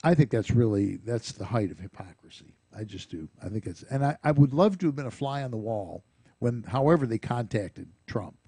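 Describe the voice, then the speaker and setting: A middle-aged man co-hosting talk radio, joking and chuckling as he talks. His voice is gravelly and husky, with lively swings in pitch, in a dry studio. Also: brisk, no room sound. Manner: jokey, laughs often, drops into comic voices. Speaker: radio talk show co-host. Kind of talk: casual banter on talk radio.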